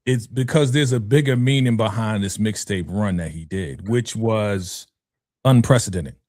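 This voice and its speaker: A man's voice: fairly low pitch, normal speed, darkish tone, no echo, clean studio sound. A man from New York co-hosting a podcast in casual chat, telling stories conversationally and often adding "you know what I'm saying". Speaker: podcast co-host.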